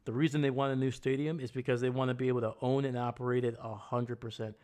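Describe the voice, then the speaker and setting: A man's voice: mid-range voice, flat delivery, quick pace. A man hosting a casual live stream, ranting bluntly and heatedly about sports. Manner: greets chat viewers loudly. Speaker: livestream host.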